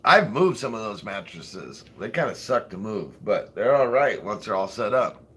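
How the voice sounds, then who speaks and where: A man's voice: on the low side, big pitch swings, normal speed, sharp tone, husky. A man hosting a casual livestream, rambling and swearing as he chats with viewers and laughs often. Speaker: livestream host.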